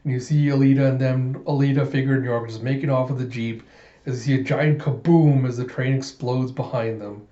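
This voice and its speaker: A man hosting a comic book readthrough, retelling the story in an animated, laughing way. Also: medium pitch, a little fast. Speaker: channel host. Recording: muffled echoey room.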